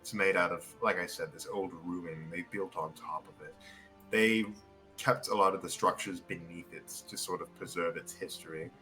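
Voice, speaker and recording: A man's voice: low-pitched, steady tone, normal speed, sharp tone, faint music behind. A man running a tabletop game as game master, narrating loosely with many fillers and restarts. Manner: rambling, filler-heavy narration with voiced townsfolk.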